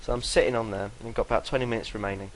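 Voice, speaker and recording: A man's voice: on the low side, fairly even intonation, rapid-fire, slight background noise, low-quality recording. A young man telling a rambling story to camera, swearing freely and laughing between sentences. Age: young adult. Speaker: vlogger.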